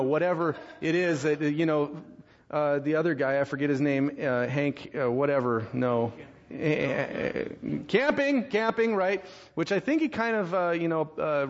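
Male pastor, casual sermon delivery with asides, middle pitch, dull lo-fi sound. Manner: conversational, self-deprecating, quick asides.

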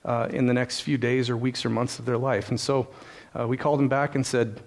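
A man's voice: medium pitch, little pitch movement, brisk. A man preaching a sermon in an ordinary mid-range voice. He starts out telling stories in a loose, conversational way, full of small fillers. He then builds into earnest, emphatic teaching. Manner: frequent "uh" and "and so" fillers. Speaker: pastor.

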